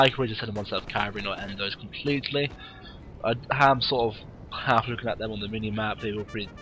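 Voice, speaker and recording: A man with a cold, casually commentating a game replay in a warm room at home with wry, rambling asides. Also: mid-range voice, a little hiss or hum, rough recording. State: has a cold, sniffly.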